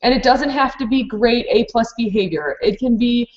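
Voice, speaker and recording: Speaking at a normal pace with few pauses, this woman has a fairly high voice. She directs a preschool program and is giving a teacher webinar, matter-of-fact and practical, full of filler words. The webinar sound is dull and lo-fi.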